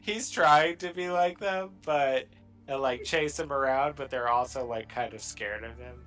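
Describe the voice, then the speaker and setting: A man's voice: medium pitch, fairly bright tone, faint music behind. A man player in a tabletop game, talking in a hesitant way with many fillers. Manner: slow, hesitant, filler-heavy. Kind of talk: tabletop role-play.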